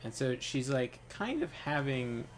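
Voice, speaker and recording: A man's voice: mid-range voice, very animated, measured pace, background noise. Male gaming host, casual rambling storyteller, filler-heavy, laughs easily, mid-range voice. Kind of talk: casual storytelling while playing a game.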